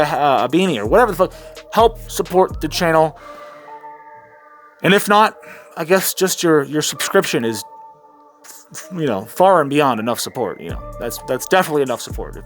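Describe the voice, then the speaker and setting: Profane, heated male vlogger. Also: sits high. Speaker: commentary channel host. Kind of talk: ranting news commentary vlog.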